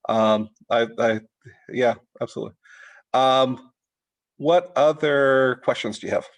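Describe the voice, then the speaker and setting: A middle-aged man leads a writing workshop in a loose, unscripted way. His voice sits at an ordinary middle pitch, and he stops and restarts often, filling the gaps with fillers. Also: creaky, low-quality recording. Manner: halting, many restarts and fillers. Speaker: writing teacher. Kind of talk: informal workshop talk.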